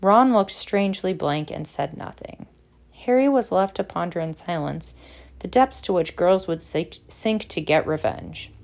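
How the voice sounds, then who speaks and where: Gravelly-voiced woman reading a novel. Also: lowish voice. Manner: measured, expressive storytelling. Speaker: audiobook narrator. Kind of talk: audiobook narration.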